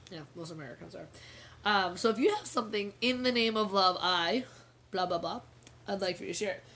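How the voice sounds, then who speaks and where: A woman's voice: medium pitch, a little fast, a bit bright, slight background noise. A woman in her thirties co-hosting a casual chat show, telling stories in a chatty way and laughing often. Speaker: podcast co-host.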